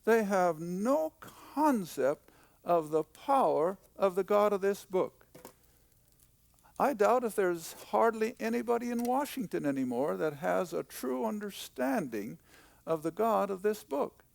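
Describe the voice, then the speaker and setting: A man's voice: high voice, very animated, measured pace, creaky, dry recording. An older man teaching the Bible in a folksy, emphatic way, stressing key points by repeating them.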